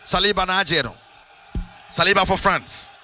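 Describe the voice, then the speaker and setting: A man with a Ghanaian accent calling a football match live on radio, in a sing-song, excitable delivery that mixes English with Twi. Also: sits high, moderate pace, soft background music. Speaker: play-by-play commentator.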